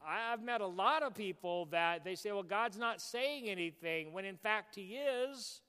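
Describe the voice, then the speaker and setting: High-voiced preaching man in echoing hall. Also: normal speed, smooth. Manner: animated preaching, bursts of shouting. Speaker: pastor. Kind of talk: sermon. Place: church sanctuary. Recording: long hall reverb.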